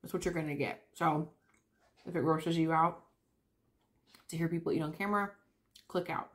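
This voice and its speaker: Young woman, lower pitch, relaxed vlog chatter between bites. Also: moderate pace. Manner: chatty, talks while eating. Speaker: vlogger. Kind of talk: casual chat.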